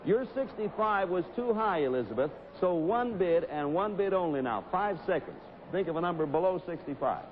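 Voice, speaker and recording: A man hosting a live TV game show, briskly rattling off bid numbers like an auctioneer. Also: sits high, animated. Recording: dull lo-fi 1960s broadcast.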